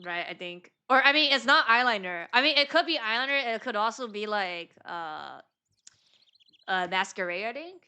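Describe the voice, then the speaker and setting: A woman's voice: fairly high pitch, lively intonation, normal speed, pushed and bright, clear, resonant tone. A woman streaming a game, chatting casually with giggly, slangy asides. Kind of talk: let's play commentary.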